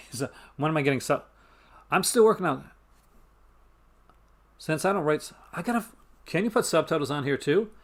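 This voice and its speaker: A man's voice: fairly high pitch, animated, normal speed, long pauses. A man from Newfoundland with a Canadian accent, chatting casually on a live stream in a rambling way, often cutting himself off and chuckling.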